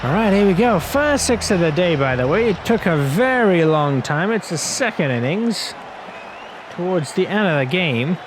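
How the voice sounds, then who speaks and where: A man's voice: sits high, lively intonation, moderate pace, noisy background. A young man giving chatty, self-mocking commentary over a cricket video game, laughing often. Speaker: gaming commentator.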